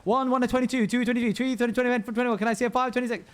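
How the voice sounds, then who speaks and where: A man putting on a fast-chanting auctioneer voice, rattling off rolling bids in a high, showy patter. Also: fairly even intonation, clean tone. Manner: rapid rolling number chant.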